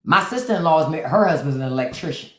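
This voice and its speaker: Black lady chatting on her live from home, lowish voice, swings all over when she gets excited. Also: quick pace, reverberant. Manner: animated, playful storytelling with excited outbursts. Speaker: livestream host. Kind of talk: casual livestream chat.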